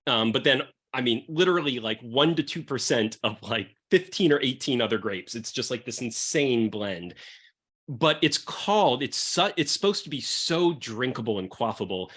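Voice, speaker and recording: A man's voice: mid-range voice, lively intonation, moderate pace, a bit bright, slightly rough. A man hosting a podcast, chatting loosely and profanely about wine. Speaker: podcast host pairing wines with comics. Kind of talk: casual chat.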